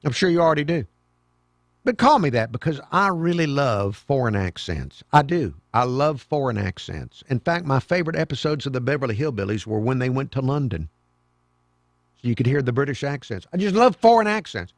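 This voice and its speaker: A man hosting a talk radio show, delivering a sarcastic, mocking monologue with sudden loud outbursts. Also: medium pitch, lively intonation, brisk, no room sound, studio quality. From American South. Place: radio studio. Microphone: studio microphone.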